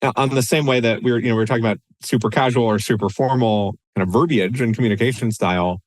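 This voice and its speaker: A man's voice: mid-range voice, quick pace, no room sound. A man co-hosting a podcast in a casual, conversational way, with frequent restarts and fillers. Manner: conversational, many restarts and "you know"s. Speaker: podcast co-host.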